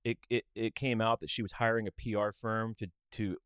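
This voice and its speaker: A man's voice: on the low side, little pitch movement, a little fast, fairly bright tone, clean tone, no echo, clean studio sound. A man co-hosting a podcast, arguing his views in a casual but emphatic, preachy way. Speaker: podcast co-host. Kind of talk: casual opinionated chat.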